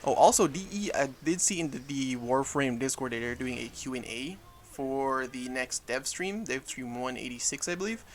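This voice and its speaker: A man's voice: mid-range voice, animated, moderate pace, few pauses, slight background noise. A young man, casually talking over gameplay footage and often correcting himself as he goes. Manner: casual, rambling, frequent self-corrections. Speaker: gaming YouTuber.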